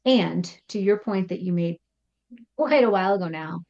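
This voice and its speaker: A woman's voice: fairly low pitch, normal speed, gravelly, lo-fi sound. A woman psychotherapist explaining ideas in a podcast interview, acting out example thoughts as she goes. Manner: animated, acts out example thoughts in quotes. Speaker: psychotherapist guest.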